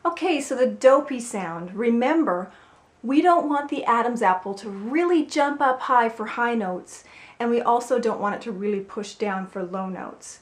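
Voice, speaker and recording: A woman vocal coach giving a singing lesson, explaining clearly and with a playful, upbeat manner. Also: fairly high pitch, animated, moderate pace. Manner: clear, upbeat instructive delivery with playful demonstrations. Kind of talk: singing lesson with spoken instruction. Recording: roomy echo with faint music.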